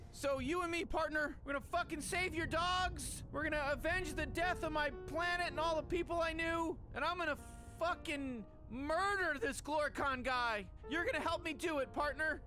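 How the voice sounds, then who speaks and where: A man's voice: very high-pitched, poor audio. A man voicing a foul-mouthed, hot-tempered small male alien creature in a video game, swearing constantly. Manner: swears constantly, rants and yells in bursts. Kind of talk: video game character dialogue.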